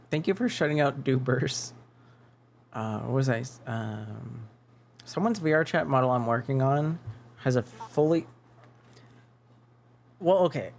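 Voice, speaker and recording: A man's voice: mid-range voice, a little hiss or hum. A male streamer in casual gaming chat, rambling and musing aloud to his viewers as he plays. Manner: rambling, muses aloud while chatting with viewers.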